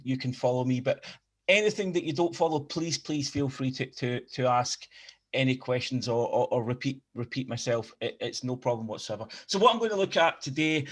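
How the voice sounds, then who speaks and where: A man with a Glaswegian Scottish accent gives an academic lecture over a video call, often repeating words and restarting phrases as he explains. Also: medium pitch. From Scotland. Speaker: guest lecturer.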